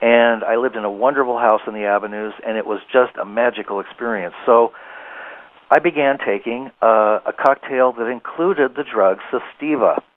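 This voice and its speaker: A man talking as a guest on a radio show, telling a rambling, animated story and laughing easily. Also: medium pitch, moderate pace, no room sound. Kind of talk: casual radio interview storytelling. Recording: tinny phone line, dry.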